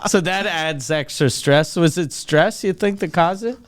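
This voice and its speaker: Male co-host, smooth and clear, slightly high voice, teasing and inquisitive. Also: measured pace. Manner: teasing, questioning, laughing. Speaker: podcast co-host. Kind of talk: casual chat.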